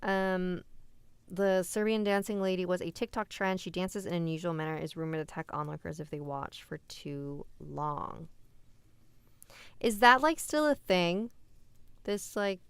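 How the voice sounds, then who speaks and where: A woman's voice: lowish voice, unhurried, smooth, dry recording. A young woman hosting a live stream where she reads scary stories and then chats casually with viewers, laughing easily. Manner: casual, chatty and easily amused while answering chat. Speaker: host reading scary stories. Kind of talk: live-stream story reading and chat replies. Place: indoors.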